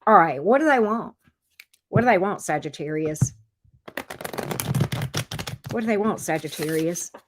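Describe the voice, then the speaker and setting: A woman's voice: on the low side, expressive, a little slow, pauses often, background noise. A woman giving a casual tarot reading, chatting straight to her viewers, teasing them playfully and repeating her phrases. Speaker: tarot reader.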